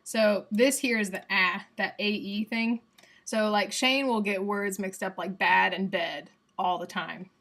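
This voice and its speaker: A young woman with a Southern US accent chats playfully through a casual phonetics livestream, voicing examples aloud. She speaks at a measured pace in a steady, mid-range voice that's a bit bright.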